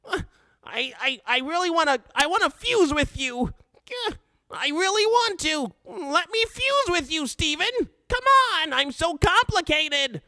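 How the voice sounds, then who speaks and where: A man's voice: extremely high pitch, big pitch swings, unhurried, sharp tone, dry recording, pitched above the performer's own voice, heavily acted. A man voicing a whiny, fearful teenage boy who wails and complains. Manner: whiny, wailing, self-pitying.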